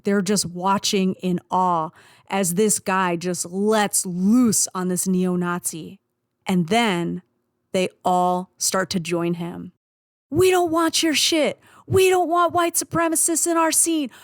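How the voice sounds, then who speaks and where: A woman's voice: medium pitch, no echo, studio quality. A woman hosting a radio show, telling a story from touring with her band and then introducing a song, in a blunt, emphatic manner that is full of swearing.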